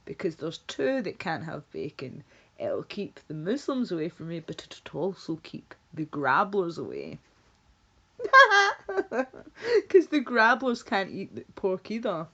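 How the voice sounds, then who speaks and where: A woman's voice: on the low side, huge pitch swings, a little slow, fairly bright tone, breathy edge. A woman livestreamer in casual, rambling chat, reading out chat messages and laughing often. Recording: dull lo-fi stream audio.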